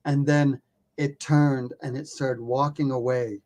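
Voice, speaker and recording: A man, a documentary filmmaker, telling a story as a podcast guest in a casual, animated way, poking fun at himself and swearing offhandedly. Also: mid-range voice, unhurried.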